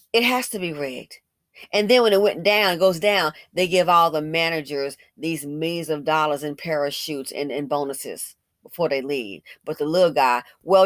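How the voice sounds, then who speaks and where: A woman's voice: on the low side, normal speed, fairly bright tone, dry recording. Blunt, emphatic woman in dry commentary. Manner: emphatic, repeats phrases, asks rhetorical questions; blunt and colloquial. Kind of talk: opinionated commentary.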